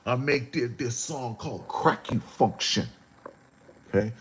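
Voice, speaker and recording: Man, livestream host, slow drawn-out talk, sudden animated pitch jumps, chatting to viewers. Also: slight background noise. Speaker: rapper hosting a livestream show. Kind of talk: rambling livestream talk to chat.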